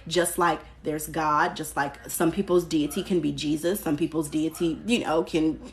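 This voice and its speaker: Woman on a phone live stream, lowish pitch, candid and chatty, fields comments and drops the odd curse. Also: fairly even intonation, normal speed. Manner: candid and chatty, reads out and answers viewer comments, occasional swearing. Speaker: spiritual practitioner hosting a live stream.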